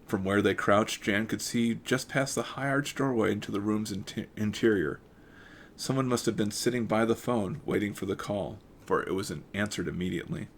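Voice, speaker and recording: A man with a lowish voice reads a mystery novel aloud. He keeps a steady pace but stumbles and corrects himself now and then, breaking off for relaxed comments of his own. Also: moderate pace, slight background noise. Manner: steady reading with occasional stumbles and self-corrections. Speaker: audiobook reader. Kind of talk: reading a novel aloud with casual asides.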